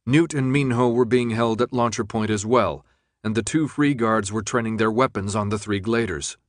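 A man narrating an audiobook in a steady, measured read. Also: fairly low pitch, dry recording, studio quality. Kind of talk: scripted narration.

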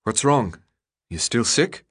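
A man voicing a grim, quiet teenage boy. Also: mid-range voice, sing-song, slow, husky, exaggerated voice. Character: grim, solemn teenage boy, calm leader.

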